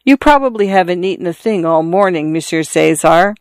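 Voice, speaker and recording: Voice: medium pitch, expressive, a little fast, no echo, close to an everyday voice. A reader voicing a grieving, emotional young mother in an audiobook story, pleading and tearful. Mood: coaxing. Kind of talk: audiobook character reading.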